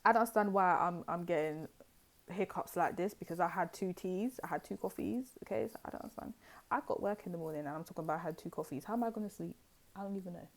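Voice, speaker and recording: Chatty lower-voiced woman reading tarot. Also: quick pace. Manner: chatty and rambling, with many fillers. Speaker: tarot card reader. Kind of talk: casual pick-a-card tarot reading.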